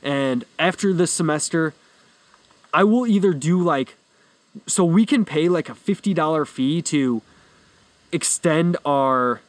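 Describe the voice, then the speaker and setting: A man's voice: on the high side, measured pace, pauses often, dry recording. A young adult man hosting a fitness podcast, explaining things in a loose, rambling, easygoing way. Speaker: podcast host and fitness coach. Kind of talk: casual solo podcast talk.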